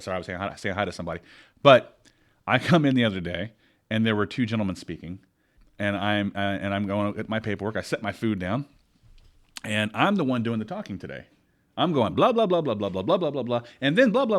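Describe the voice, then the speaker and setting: Animated man ranting on a podcast. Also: fairly low pitch. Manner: animated storytelling, rants with emphasis. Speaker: podcast co-host. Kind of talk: casual chat.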